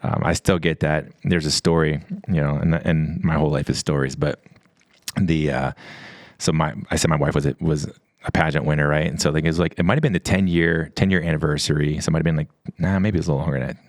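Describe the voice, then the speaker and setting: A man's voice: extremely low pitch, fairly even intonation, fast, dry recording. A middle-aged man from the US East Coast telling stories in a casual chat, rambling with many restarts and quoted dialogue. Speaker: podcast guest. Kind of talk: casual storytelling.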